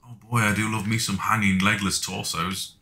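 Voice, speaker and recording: Sharp-voiced man doing game commentary. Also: lowish voice, flat delivery, moderate pace. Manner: casual, joking, swears a lot, talks to himself. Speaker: gaming video host. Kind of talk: let's play commentary.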